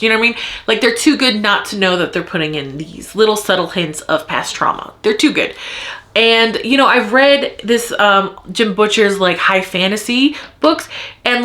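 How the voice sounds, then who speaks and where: Heated woman ranting, bright tense voice. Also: mid-range voice. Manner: heated ranting, frequent swearing; repeats lines for emphasis. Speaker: book reviewer. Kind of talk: casual vlog book review.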